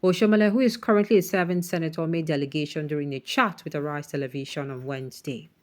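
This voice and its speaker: A Nigerian-accented woman with a slightly low voice presents news and then turns to heated commentary. She speaks indignantly, throws in Pidgin phrases, and exclaims rhetorical questions. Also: fairly even intonation, fast, a little mellow.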